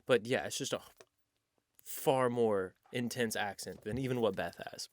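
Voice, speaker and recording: A man's voice: medium pitch, measured pace, no echo. A young man from Texas hosting a casual podcast chat, joking and playful, recorded on a close mic. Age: young adult. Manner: joking, playful, slips into mock Southern drawl. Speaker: podcast host.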